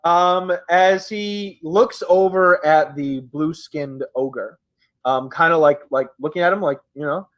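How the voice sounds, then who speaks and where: A man acts as dungeon master in a tabletop game, narrating loosely and filling gaps with "like" and "um". His voice sits somewhat high for a man. The sound is dry and close, with no room echo. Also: slow, a bit bright. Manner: casual, full of "like" and "um".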